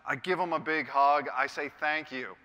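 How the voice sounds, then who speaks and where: A middle-aged man, a radio host, telling a personal story on stage with dramatic pauses. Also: fairly high pitch, fairly even intonation. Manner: dramatic storytelling, quiet and heavy at moments. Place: large conference hall. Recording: hall reverb from a stage.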